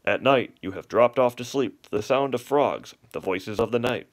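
A pompous, long-winded father swan, as a man reads him. He lectures in grand, flowery speeches at an ordinary mid pitch, like a bedtime story read aloud. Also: moderate pace, close to an everyday voice. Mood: lecturing.

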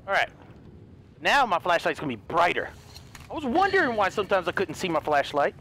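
A man doing let's play commentary, excitable, talking to his viewers, yelping and swearing as he plays. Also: high-pitched, fairly quick, long pauses, slight background noise. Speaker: gaming youtuber.

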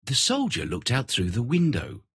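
A man reads a children's fairy tale aloud with a very animated, swooping delivery. His voice is husky and recorded dry and close. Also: mid-range voice, normal speed, no room sound. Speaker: narrator. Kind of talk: scripted storybook narration.

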